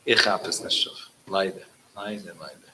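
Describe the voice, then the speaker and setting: This man, cast as a rabbi at a gathering, spins a tale in Yiddish-laced English and livens up when quoting. He speaks at an ordinary speed in a low register, while heavy background noise fills the recording.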